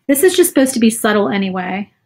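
A woman's voice: mid-range voice, very animated, fast talker, a little mellow. A woman chatting casually while she paints on a livestream, self-doubting and saying "y'all" often. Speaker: craft livestream host.

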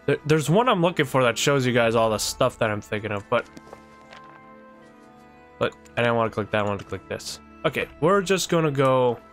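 A man's voice: medium pitch, expressive, a little fast, fairly bright tone, faint music behind. A man streaming a video game live, chatting casually and thinking aloud as he plays. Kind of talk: casual live-stream chat while gaming.

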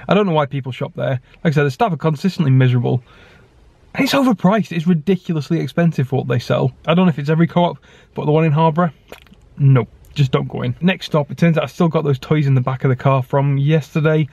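A man narrating his day in a casual vlog, chatty and quick to rant when annoyed. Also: a little high, creaky, darkish tone. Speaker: vlogger.

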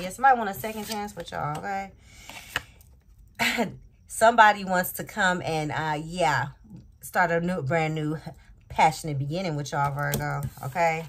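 A woman's voice: mid-range voice, moderate pace, background noise. A woman giving a casual tarot reading, rambling and asking "okay?" again and again. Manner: rambling, repeats "okay?" often. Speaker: tarot reader.

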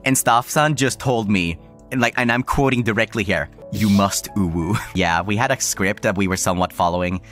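A man, a VTuber streamer, telling a relaxed, chuckling anecdote into a streaming mic. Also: on the low side, fairly quick, faint music behind. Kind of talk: casual storytelling.

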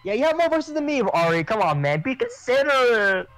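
A man's voice: very high voice, very animated, fairly quick, fairly bright tone, soft background music. Man joking in mock hurt. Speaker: voice actor in a group let's play. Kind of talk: casual group chat over a game.

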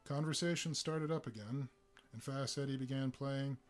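Casting: male story reader, mid-pitched and steady, faint guitar under. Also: moderate pace. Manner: steady storytelling with small fillers. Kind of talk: live story reading.

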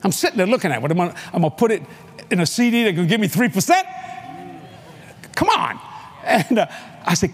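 A male preacher telling a story in a sermon at a convention, animated and playful, laughing often and bursting into shouts. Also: sits high, a little fast, long pauses, breathy edge. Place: convention hall before a live audience.

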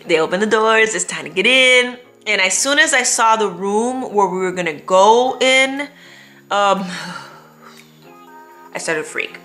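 A woman tells a story to her viewers in a bright, forceful voice. She is animated and expressive, and she laughs often as she talks from home. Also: mid-range voice. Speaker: vlogger. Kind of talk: storytime chat to camera.

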